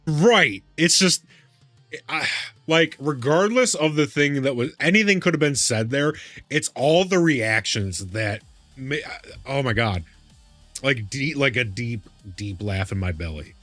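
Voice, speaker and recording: A male streamer chatting casually while gaming, with a lively, swinging pitch and an unhurried, drawn-out delivery. He reacts excitably, laughing and cursing. His voice is close and dry, with faint music playing underneath. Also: no room sound. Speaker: live streamer.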